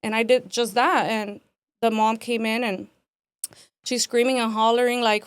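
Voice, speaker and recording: A woman in her twenties telling her life story as an interview guest in a casual, animated way, acting out quotes and saying "like" and "man" often. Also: fairly high pitch, moderate pace, smooth, dry recording, clean studio sound.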